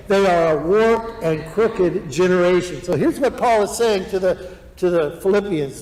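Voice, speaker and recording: A man preaching a sermon with lively energy, acting out complaining voices in the middle of his points. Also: high voice, echoey room, big-room sound, low-quality recording. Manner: animated, acts out grumbling voices. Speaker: pastor.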